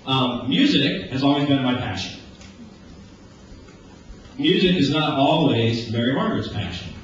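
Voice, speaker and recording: A man in his forties preaching a casual, conversational sermon. He jokes and acts out everyday conversations in lively voices. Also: medium pitch, a little slow. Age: 40s. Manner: animated and joking, acting out everyday dialogue. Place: church sanctuary. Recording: echoey church, distant, dull lo-fi with hiss.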